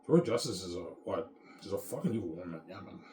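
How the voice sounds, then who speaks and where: Man in his thirties, bitter profane rant, rapid talk, lowish voice. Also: animated, mellow, a little hiss or hum. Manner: rambling, profane, bitter ranting. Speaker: vlogger. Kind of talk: casual rant to camera.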